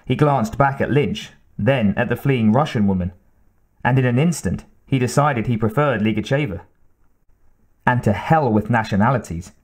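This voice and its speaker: Man narrating an audiobook. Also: medium pitch. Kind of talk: scripted narration.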